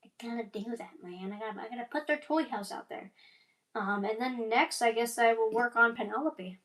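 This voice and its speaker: A woman's voice: a little high, moderate pace, a bit bright. A young woman chatting casually in a rambling vlog, full of fillers and side tangents, yawning now and then. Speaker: animator and voice actor.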